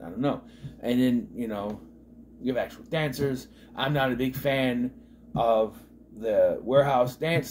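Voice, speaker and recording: A man's voice: medium pitch, darkish tone, slight background noise. A man giving a casual, rambling movie review, trailing off with lots of asides. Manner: rambling, full of "you know" and restarts.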